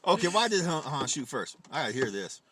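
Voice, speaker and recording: A man's voice: fairly high pitch, big pitch swings, brisk, fairly bright tone, a little hiss or hum. A man hosting a casual comedy podcast, swearing freely, teasing his co-host and laughing often.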